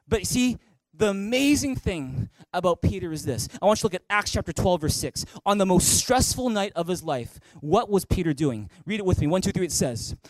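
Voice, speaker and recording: A man preaching a sermon as pastor in an animated way, building to emphatic peaks and asking the listeners direct questions. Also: high-pitched, fairly quick, no room sound. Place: church stage.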